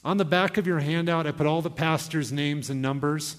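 A man's voice: on the high side, brisk. A young male pastor preaching an earnest, exhorting sermon to his church. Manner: earnest, exhorting, with quoted asides. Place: church hall. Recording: long hall reverb.

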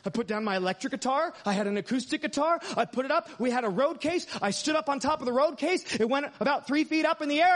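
Preacher, very high-pitched man, dynamic storytelling sermon delivery. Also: expressive, fast talker, few pauses. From United States. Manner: dynamic, swings from hushed asides to loud emphatic lines.

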